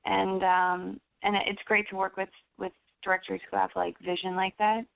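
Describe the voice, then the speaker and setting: A young American actress chatting in an interview, rambling with lots of fillers and restarts. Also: female voice, medium pitch, flat delivery, normal speed, vocal fry, no echo. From United States. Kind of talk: casual interview chat. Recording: dry tinny phone-like sound.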